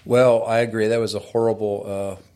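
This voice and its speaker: Measured, thoughtful talk-show host. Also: male voice, lowish voice, level tone, warm tone. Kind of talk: casual talk-show conversation.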